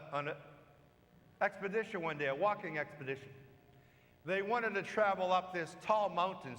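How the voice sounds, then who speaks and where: Priest giving a homily, storytelling, fairly high voice, echoey church. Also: male voice, bright, forceful tone. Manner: storytelling, slow and emphatic. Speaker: parish priest. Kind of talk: sermon. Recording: long church reverb.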